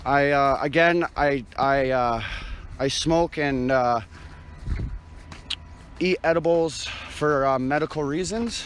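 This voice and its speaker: A man's voice: fairly high pitch, takes it slowly, pauses often. Breathless man streaming from a noisy street. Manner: rambling, with frequent fillers and restarts. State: out of breath, sighing. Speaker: live streamer. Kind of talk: casual live-stream chat. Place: outdoors on a frosty night street. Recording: street noise and passing traffic.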